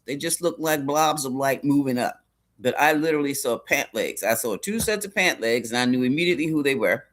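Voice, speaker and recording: A man's voice: fairly high pitch, fairly bright tone. A man hosting a spiritual live stream, chatting casually and rambling, often correcting himself and greeting viewers by name.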